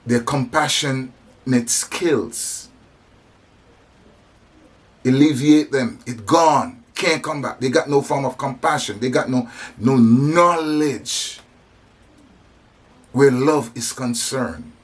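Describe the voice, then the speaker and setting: Man, husky voice, slow deliberate delivery, impassioned preaching, emphatic restarts. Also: mid-range voice. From African descent. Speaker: speaker on religion and society. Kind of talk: preaching monologue.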